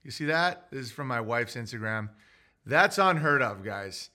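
A man's voice: medium pitch, animated, moderate pace, bright, forceful tone. A man hosting a casual livestream, rambling offhand between topics and reading out viewer chat messages. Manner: rambling and offhand, with frequent fillers and restarts.

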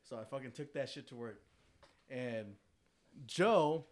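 A man's voice: medium pitch, measured pace. A young man in casual chat, telling a story with easy slang and frequent swearing. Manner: laid-back slangy storytelling, swears often. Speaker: friend in a group chat.

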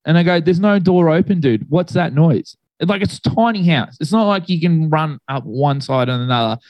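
A man's voice: a little high, animated, a little fast, no room sound, highs cut off. Laid-back young man rambling. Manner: rambling, laid-back storytelling with many fillers. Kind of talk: casual chat.

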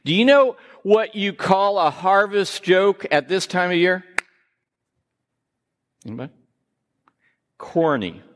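A man preaching a sermon, telling jokes and gently teasing himself and his listeners. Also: high voice, takes it slowly, long pauses. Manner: joking, self-teasing, lively. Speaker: pastor. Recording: reverberant hall.

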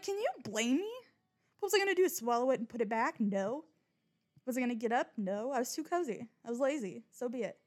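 A young woman talking casually and bluntly about her odd habits, rambling, swearing often and mocking herself. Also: a little high. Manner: rambling, blunt, frequent swearing and self-mockery. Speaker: podcast host. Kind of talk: casual confessional monologue.

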